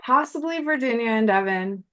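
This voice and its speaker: A woman's voice: fairly high pitch, expressive, moderate pace, a bit bright. A woman co-hosting a podcast in casual chat, laughing easily and swearing casually. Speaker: podcast co-host.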